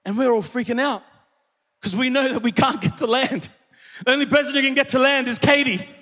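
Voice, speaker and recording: High-voiced preacher in a reverberant church. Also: male voice, a little fast. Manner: energetic storyteller, calls out to the congregation. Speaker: pastor. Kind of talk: sermon with storytelling.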